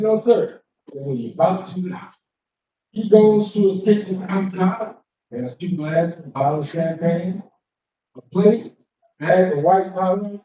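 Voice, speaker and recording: A man doing a live stand-up set, telling stories and acting out the people in them with sudden jumps in his voice. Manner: storytelling, acting out quoted characters with sudden pitch jumps. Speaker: stand-up comedian. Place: cigar lounge comedy stage. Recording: distant, roomy, dull live-stream audio.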